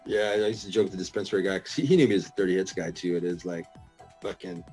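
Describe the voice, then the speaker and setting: A man's voice: low voice, very animated, fast talker, a little mellow, faint music behind. A middle-aged man chatting as a podcast guest, telling stories full of swearing and laughter. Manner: profane, laughing storyteller. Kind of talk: casual podcast chat.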